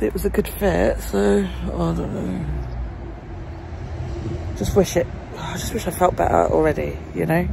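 Woman vlogger, gravelly and blunt, swears freely while venting, faint background noise. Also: medium pitch, mellow. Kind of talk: casual vlog monologue.

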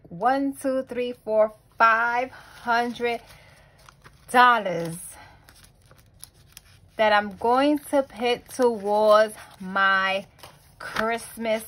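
A casual young woman hosting a home budgeting vlog, her pitch sitting right in the middle. She talks loosely and personally, full of fillers and restarts, then drops to a quiet murmur while counting bills. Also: a little hiss or hum, rough recording. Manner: chatty, lots of fillers and restarts; soft, counts money under her breath. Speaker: budgeting channel host.

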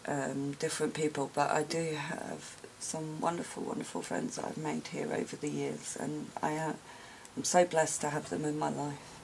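Slow, gravelly-voiced woman gushing softly. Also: low voice, flat delivery, slight background noise, poor audio. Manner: soft, slow and gushing, many gasps and sighs. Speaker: craft vlogger opening gifts. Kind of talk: casual unboxing vlog.

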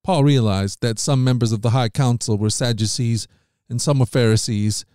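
A man of middle pitch reads scripture in an even, measured way, lifting his voice a little whenever someone is quoted. The sound is dry and close to the mic, with no room around it. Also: clear, resonant tone, no echo. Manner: measured, steady reading with lifts on quoted lines. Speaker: podcast host reading scripture. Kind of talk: scripted Bible reading.

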